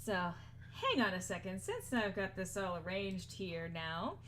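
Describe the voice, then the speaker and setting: A woman's voice: medium pitch, very animated, a little slow, noisy background. A woman streamer in casual, playful chat with friends during an art stream, laughing often and swearing freely.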